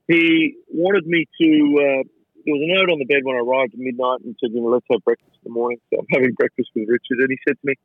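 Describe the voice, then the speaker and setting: A middle-aged Australian man, a chef and businessman, telling an animated, rambling story with many restarts in a casual interview. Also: medium pitch, quick pace, no room sound. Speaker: chef and entrepreneur guest. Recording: dry, phone-like radio sound.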